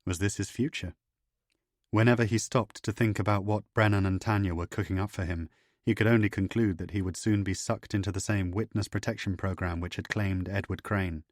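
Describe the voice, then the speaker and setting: A deep male voice narrating a thriller audiobook with measured, steady delivery. The recording is close and dry, with no room sound at all. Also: no echo.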